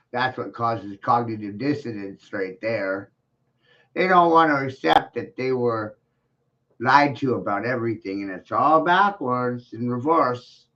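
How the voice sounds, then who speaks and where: A man's voice: mid-range voice, a bit bright. Profane mocking man ranting, lo-fi. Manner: mocking, swearing, laughs at his own points. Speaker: video blogger. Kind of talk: profane rant to the camera. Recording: dull lo-fi sound.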